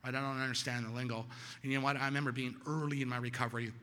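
A middle-aged man giving personal testimony at a recovery meeting, telling his story with sudden loud peaks and quiet drops. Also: medium pitch, level tone, very fast, in a large hall.

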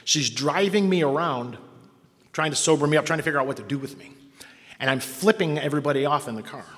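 A man's voice: fairly high pitch, quick pace, fairly bright tone. Middle-aged guy sharing his recovery story, self-mocking and blunt, long hall echo. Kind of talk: personal testimony to a meeting.

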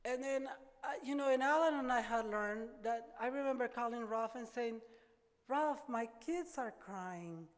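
An older woman giving an earnest, halting personal testimony at a recovery meeting, often repeating words as she gathers her thoughts. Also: on the high side. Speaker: speaker sharing her recovery story. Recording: reverberant hall.

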